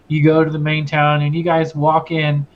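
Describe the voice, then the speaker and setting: Casual, swearing game master. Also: male voice, a little high, completely flat delivery, normal speed, muffled recording, slight background noise. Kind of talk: narrating a tabletop game.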